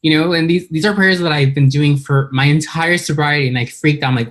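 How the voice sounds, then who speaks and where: A woman's voice: low-pitched, a little fast. Earnest, emotional woman from San Diego. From San Diego, California. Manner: emotional, earnest, a little nervous. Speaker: recovery meeting speaker. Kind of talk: personal recovery talk. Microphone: computer for an online video meeting.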